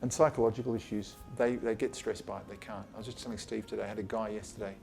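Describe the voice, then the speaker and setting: Blunt, chatty man with a gravelly voice. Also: on the low side, steady tone, fast talker, a little mellow, faint music behind. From Australia. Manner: blunt and chatty, swears casually, acts out patient exchanges. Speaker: eye surgeon giving a talk. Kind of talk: informal lecture to colleagues. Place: his office, talking to a small group.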